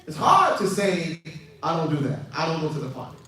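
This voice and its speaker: Animated, echoing man preaching to youth. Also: a little high, brisk. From United States. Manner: animated, acts out dialogue, builds to shouted emphasis. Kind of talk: youth lecture. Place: large hall with audience. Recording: distant, echoey hall with faint noise.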